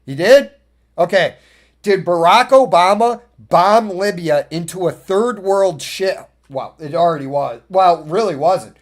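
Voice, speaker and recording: A man's voice: sits high, unhurried. A man hosting a podcast, delivering a blunt, profane, opinionated monologue and telling stories in a ranting, casual way. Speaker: podcast host.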